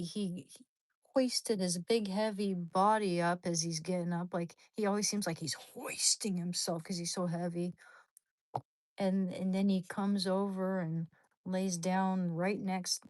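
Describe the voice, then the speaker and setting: A woman hosting a livestream, chatting casually with viewers in a rambling, animated, slangy way, with sudden high squeals. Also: no room sound. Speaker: livestream host.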